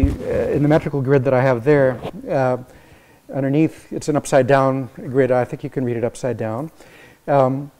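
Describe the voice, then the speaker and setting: Halting, explanatory male music professor. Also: mid-range voice, mellow. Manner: thinking aloud, explanatory, halting restarts. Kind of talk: academic lecture. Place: lecture hall.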